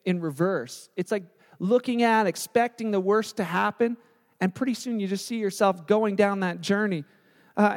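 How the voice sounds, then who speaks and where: A male pastor preaching a sermon in a relaxed, conversational storytelling way. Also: high voice, long reverb tail.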